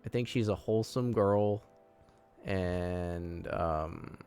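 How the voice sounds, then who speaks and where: A man's voice: low-pitched, takes it slowly, darkish tone, soft background music. A man live-streaming a game, chatting casually and rambling, laughing often and sounding flustered.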